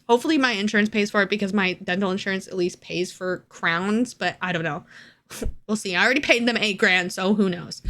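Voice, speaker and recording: A woman's voice: medium pitch, fairly bright tone. Candid, sweary young woman venting. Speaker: vlogger. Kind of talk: casual storytime vlog.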